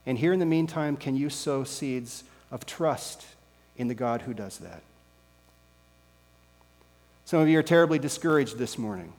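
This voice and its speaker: A male pastor preaching a sermon with slow, emphatic rhetorical questions. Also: medium pitch, animated, darkish tone. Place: church sanctuary. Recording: long reverb with mains hum.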